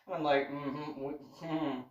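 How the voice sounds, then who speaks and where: A woman vlogger telling a story in a casual monologue, indignant and animated, acting out the dialogue. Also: deep voice, measured pace, muffled recording. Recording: roomy echo, voice far from the mic.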